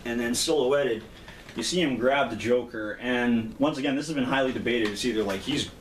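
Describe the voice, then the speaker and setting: A man co-hosting a casual comic review, retelling the story in an animated way and acting out the characters' lines. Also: medium pitch, moderate pace. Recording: roomy, distant mic with faint noise.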